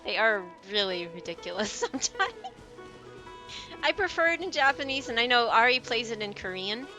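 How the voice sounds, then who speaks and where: A woman's voice: fairly high pitch, lively intonation, moderate pace, sharp tone, soft background music. A young adult woman streaming a video game, chatting casually, gushing and laughing a lot. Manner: giggly, gushing, laughs often. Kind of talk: casual let's-play chatter.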